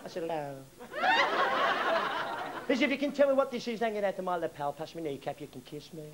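A male comedian telling jokes on stage, excitable and laughing at his own lines. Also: sits high, fast talker, heavy background noise. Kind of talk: stand-up joke telling.

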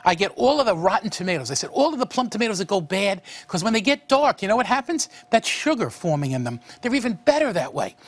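Fast-talking, high-voiced New man. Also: big pitch swings. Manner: enthusiastic, folksy, talks while cooking. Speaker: cooking show host, a monsignor. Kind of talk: chatty cooking demonstration.

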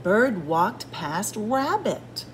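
A woman, a children's librarian, reading a picture book aloud to children with slow, expressive storytelling. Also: mid-range voice, slight background noise.

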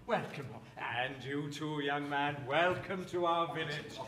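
A performer voicing a genial elderly grandfather who welcomes a guest in a slow, courtly way. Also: a little high, sharp tone, very echoey, far from the mic, a little hiss or hum. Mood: welcoming. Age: older.

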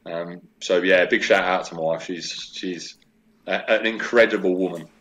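A man in his thirties, a guest on a casual podcast, speaking candidly and heartfelt, moving between jokes and quiet reflection. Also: low voice, steady tone, normal speed, rough recording.

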